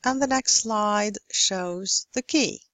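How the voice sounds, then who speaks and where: A woman teaching English word stress in a recorded lecture, slowly and carefully modelling each example word. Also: mid-range voice, a bit bright, no room sound. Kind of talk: recorded lecture over slides.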